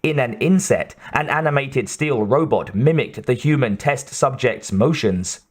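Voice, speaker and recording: Man, audiobook narration, measured, very slow pace, mid pitch. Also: slightly rough. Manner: measured, steady. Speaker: audiobook reader.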